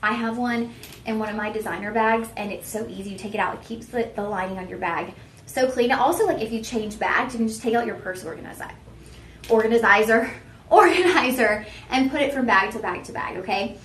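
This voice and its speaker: Speaking fairly quickly in a slightly high, somewhat bright voice, a young woman hosts a live shopping broadcast, addressing viewers directly in a chatty, self-mocking way. A faint hiss sits under the roomy studio sound.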